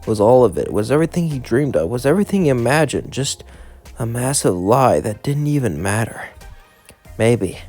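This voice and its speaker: A man's voice: on the low side, darkish tone. A man narrating a fan what-if story in a plain, run-on storytelling way.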